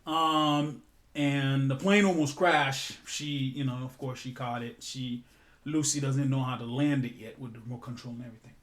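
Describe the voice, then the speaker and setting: A man's voice: medium pitch, steady tone, normal speed, a bit bright. A man telling an improvised story in a casual, rambling way, correcting himself and swearing now and then.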